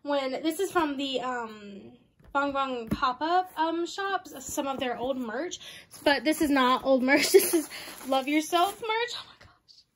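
A young woman vlogger unboxing merch, bubbly and excitable, often laughing and repeating exclamations. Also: high voice, slow pace, slight background noise. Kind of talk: unboxing vlog, casual chat.

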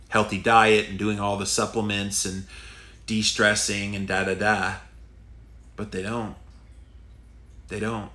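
Southern-accented man with a bright voice. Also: on the low side, echoey room. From Southern United States. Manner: folksy, candid, thinks aloud with fillers. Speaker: podcast host. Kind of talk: answering listener questions.

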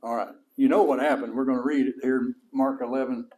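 This middle-aged man, a pastor with a West Texas accent, rattles through his sermon fast. He's animated and down-home, his voice lifting high for emphasis.

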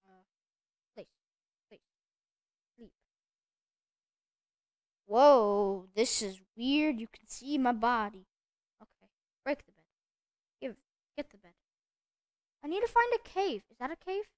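A young woman narrates her own game play, chatty and easily excited. Her voice sits high, and the sound is dry and close, with no room echo. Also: slow pace, long pauses. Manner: chatty, excitable, talks to herself. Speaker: gamer. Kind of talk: let's play commentary.

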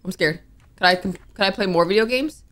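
A woman's voice: mid-range voice, fairly quick, fairly bright tone. A young woman narrating her own horror game play, jumpy and nervous, reacting with gasps and worried asides. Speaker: gaming streamer. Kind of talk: let's play commentary.

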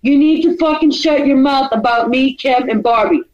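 Brief: angry woman streamer, high voice, swearing tirade, dull muffled audio. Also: moderate pace. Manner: furious, profane, repetitive and threatening. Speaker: livestreamer. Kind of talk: angry confrontational rant.

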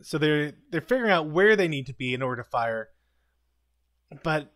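Male stream host, slightly higher voice, loose chatty recap style, laughs easily. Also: lively intonation, fairly bright tone. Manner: retells scenes with quick quoted lines, chuckles often. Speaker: live commentary host. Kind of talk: casual live-stream commentary.

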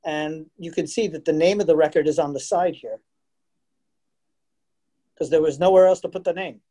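A man presenting a virtual museum program over a video call, jokey and animated, laughing often and talking directly to the children watching. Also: a little high, moderate pace. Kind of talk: interactive virtual presentation for families.

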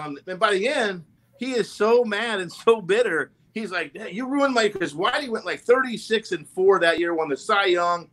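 Man in a casual roundtable who tells lively anecdotes and keeps laughing as he acts out the quotes, with a bright, sharp tone. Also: high voice, moderate pace. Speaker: former sales executive telling stories.

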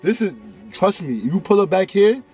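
High-voiced young man teasing in a car. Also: very animated, moderate pace, over music.

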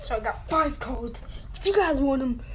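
Speaking at a moderate pace in an expressive voice that sits high, a woman with a slight British accent films a casual vlog in her bedroom. Rambling and often apologetic, she's captured in a noisy home recording.

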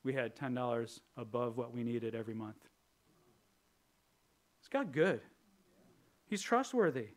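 A male pastor preaching a sermon with humor, switching between lively bursts and quiet, earnest stretches. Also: mid-range voice, a little slow, pauses often. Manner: animated and humorous, acting out prayers in a raised voice; drops to a quiet, earnest tone for serious points.

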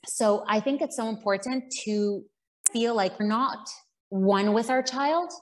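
A woman's voice: fairly high pitch, unhurried. A woman, a parenting coach and podcast guest, explaining her ideas earnestly and drawing on examples and quotes.

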